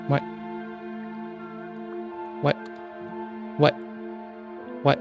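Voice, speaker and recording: Gravelly, profane ranting streamer. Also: medium pitch, a little slow, over loud music. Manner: swears constantly, rants angrily. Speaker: live streamer.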